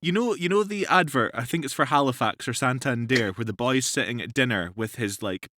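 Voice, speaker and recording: Lively ranting podcast host, dry sound. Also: male voice, mid-range voice, brisk, no room sound. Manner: animated, ranting and jokey. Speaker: co-host and voice actor. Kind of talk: casual podcast chat.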